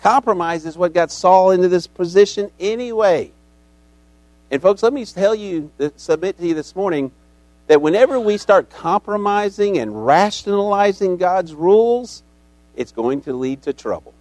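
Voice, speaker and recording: A man's voice: high voice, expressive, moderate pace, a little mellow, dry recording. A man preaching a sermon as a pastor, telling the story dramatically and acting out its characters.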